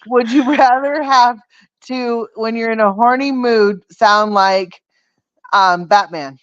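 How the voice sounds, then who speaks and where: A woman's voice: on the high side, slow pace, no room sound. A woman hosting her livestream in casual chat, telling rambling, meandering stories. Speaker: livestream host. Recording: dull, dry muffled stream audio.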